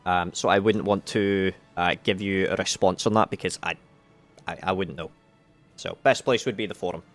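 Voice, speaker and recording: A man hosts a game live stream, chatting loosely with viewers and fellow players. He hesitates a lot, stopping to restart his sentences. His voice sits a bit low for a man. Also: steady tone, moderate pace, faint music behind. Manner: hesitant, many fillers and restarts. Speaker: game community specialist hosting a live stream. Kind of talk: casual live-stream chat.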